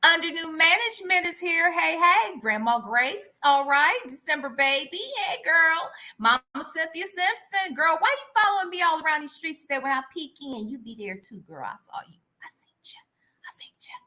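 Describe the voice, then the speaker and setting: A woman's voice: very high-pitched, big pitch swings, moderate pace, hardly any pauses, sharp tone. Chatty woman hosting a livestream. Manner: chatty, greets viewers by name, tag questions; drops into a whisper for gossip asides. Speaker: livestream host. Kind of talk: casual livestream chat.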